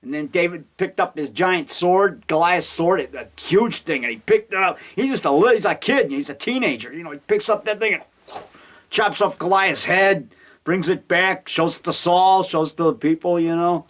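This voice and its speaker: A middle-aged amateur filmmaker rambles casually in a monologue from his home basement, with a high-pitched, fairly bright voice at a moderate pace. His storytelling is full of chuckles and acted-out quotes.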